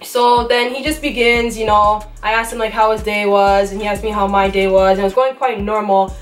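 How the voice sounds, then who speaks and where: A woman's voice: medium pitch, steady tone, a little fast, far from the mic. A young woman with a Toronto accent telling a story to camera in a casual, slangy, blunt way. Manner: slangy, blunt delivery she calls rough. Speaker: vlogger. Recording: roomy sound from off-mic, faint music.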